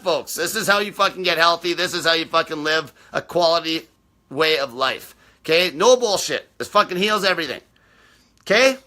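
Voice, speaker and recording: A man with a high, piercing, tense voice rants on a live stream, answering viewers bluntly and combatively. He swears almost constantly and talks in an aggressive, no-nonsense way. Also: lively intonation, normal speed, pushed and bright. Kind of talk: unscripted live rant.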